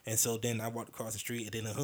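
A man hosting his own podcast, chatting casually and rambling with hesitations and quick impressions of other comedians. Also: mid-range voice, darkish tone, slightly rough.

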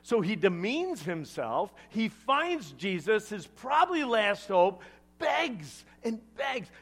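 A male pastor preaching a sermon, retelling a scripture story with animated asides to the congregation. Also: high voice, slow, husky.

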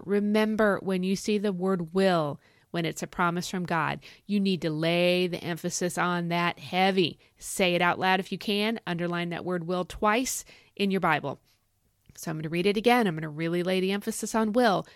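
A middle-aged woman hosts a Bible teaching podcast, animated and excitable, folksy in her talk. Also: fairly low pitch, normal speed, dry recording, studio quality. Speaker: podcast host.

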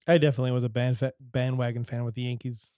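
A man's voice: mid-range voice, flat delivery, fast, mellow, no echo. A man from Utah hosts a casual podcast conversation with friends. He talks in a laid-back way and laughs easily, his voice sitting in a middle register. The sound is dry and close to the mic. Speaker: podcast host. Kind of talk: casual chat.

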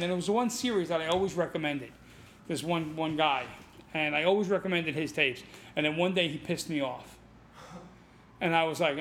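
Guest spot: middle-aged New man, chatty instructor, animated, quick to laugh. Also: sits high, slight background noise. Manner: animated, laughs often, swears casually. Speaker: martial arts instructor, podcast guest. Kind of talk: casual storytelling.

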